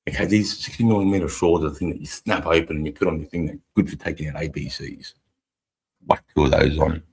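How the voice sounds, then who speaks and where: A man's voice: rumbling low, steady tone, quick pace, gravelly, darkish tone, slightly rough. A man in his forties with an Australian accent, an army veteran telling blunt, profane war stories in casual rambling talk. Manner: blunt, swears constantly, rambling storyteller. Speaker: army veteran and stream co-host.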